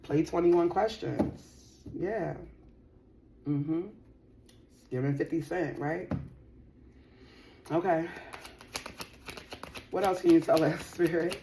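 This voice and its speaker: A woman's voice: low voice, slow pace, pauses often, warm tone, slight background noise. A woman giving a casual tarot reading to her viewers. She talks in a chatty, slangy, playful way and laughs often. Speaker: tarot reader.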